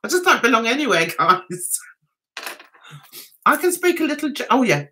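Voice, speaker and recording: Giggly, lively high-voiced woman. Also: moderate pace, slight background noise. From England. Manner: giggly, chatty, reads viewer comments aloud and answers them. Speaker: livestream host. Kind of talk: casual livestream chat.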